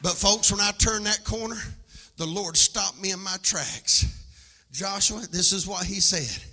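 A man preaching a sermon as pastor, alternating a shouting, sing-song cadence with plain storytelling. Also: sits high, measured pace, soft background music. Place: church sanctuary. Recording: long hall reverb from a live church service.

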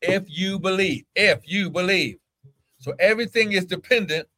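A man preaches to his own camera, his voice sitting a little high for a man. He hammers the same phrases again and again and keeps calling out to his listeners as he goes. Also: normal speed, bright, forceful tone. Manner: fervent, repeats phrases, calls out to listeners. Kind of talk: sermon.

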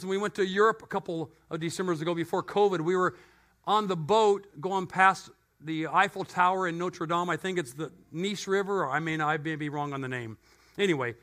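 A middle-aged male pastor preaching a sermon in a church, telling stories with animated energy and joking asides. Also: high-pitched.

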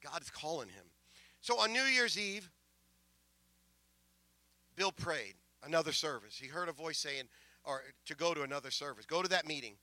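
A middle-aged male pastor telling a story in a sermon, emotional, with many stammering restarts, swinging from soft asides to loud proclamations. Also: on the high side, animated, moderate pace, long pauses, no room sound.

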